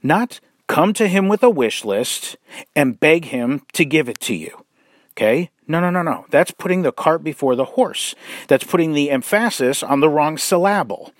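A man preaching, blunt and mocking, with sarcastic asides, slow and deliberate, drawing out words for emphasis. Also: a little high, lively intonation, no echo, studio quality. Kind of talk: sermon-style commentary.

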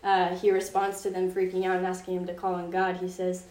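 A woman's voice: fairly low pitch, monotone, fairly quick, darkish tone. A young woman leading a group in casual Bible teaching, retelling a story in a chatty way full of "like" and asides. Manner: chatty, filler-heavy storytelling with frequent "like". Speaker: youth Bible study leader. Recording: roomy echo from a distance.

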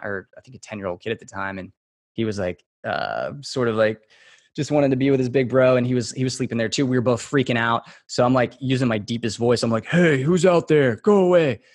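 A man from Texas, a podcast guest, telling a relaxed, rambling story full of fillers and restarts. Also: fairly low pitch, no echo, studio quality. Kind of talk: casual storytelling in a podcast interview.

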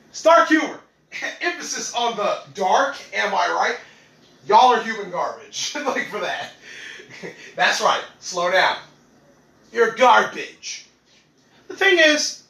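A man's voice: high voice, sing-song, slow, vocal fry, long pauses, bright, forceful tone, echoey room, rough recording. A young man hosting a podcast, talking casually and animatedly, laughing often and acting out what others said. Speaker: podcast host.

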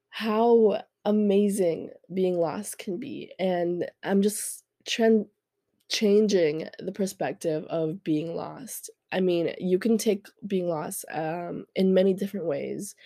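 A woman's voice: on the low side, dark tone, dry recording, clean studio sound. A young woman with a congested, stuffy voice, hosting a podcast and telling a story in a chatty way, often restarting her sentences. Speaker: podcast host. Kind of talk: casual storytelling monologue.

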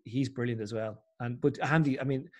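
A man's voice: medium pitch, brisk. An Irish man chatting casually as a podcast guest, telling stories and acting out the voices of people he quotes. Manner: animated storyteller, acts out quoted voices. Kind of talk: casual chat.

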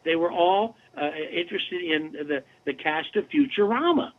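Animated older man on a tinny line. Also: high voice, moderate pace. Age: 70s. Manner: animated, chatty anecdotes. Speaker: guest voice actor. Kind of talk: casual interview storytelling.

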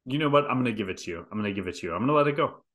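A man co-hosting a casual chat podcast, teasing and quick to react. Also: mid-range voice, animated, a bit bright. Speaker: podcast co-host.

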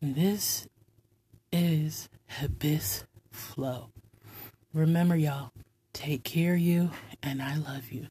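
A woman with a low, dark, husky voice delivers a heartfelt, faith-based monologue as host. She speaks slowly and earnestly, with tender passages that sink into a soft whisper. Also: dry recording. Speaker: host of an inspirational talk segment.

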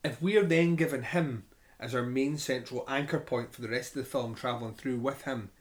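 A man's voice: medium pitch, fairly quick. A man co-hosting a casual film review chat, talking in long rambling runs with many restarts. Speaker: film podcast co-host.

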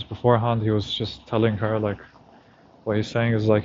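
A man's voice: lowish voice, completely flat delivery, brisk, a little mellow, dull audio, a little hiss or hum. A man talking to himself on a night walk outdoors, recounting a story in a reflective, casual monologue. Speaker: vlogger.

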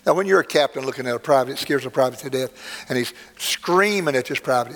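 Earnest older preacher in a hall. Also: male voice, medium pitch, quick pace, fairly bright tone. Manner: plainspoken and earnest, with dramatic swells. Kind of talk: sermon with storytelling. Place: church sanctuary. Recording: long hall reverb, faint music.

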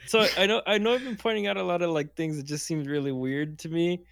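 A man in casual chat, crude and quick to laugh, swearing heavily. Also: on the high side, fairly even intonation, gravelly, fairly bright tone, smooth, no room sound.

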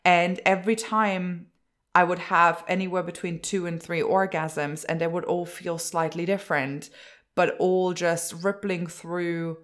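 A woman's voice: on the low side, fairly even intonation, a little slow. Emotional woman sharing a personal story. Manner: heartfelt, emotional, with restarts and self-interrupting. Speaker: host.

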